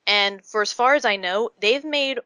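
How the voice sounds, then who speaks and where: A woman's voice: a little high, normal speed, pushed and bright, clear, resonant tone, no echo. A young woman, a convention artist, chatting as a podcast guest and acting out quoted people as she tells a story. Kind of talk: casual podcast interview.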